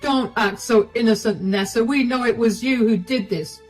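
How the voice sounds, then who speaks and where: A woman's voice: a little high, normal speed, a little mellow, distant mic, soft background music, lightly acted. A woman doing a dismissive brother-in-law. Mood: scolding. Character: smug, entitled brother-in-law.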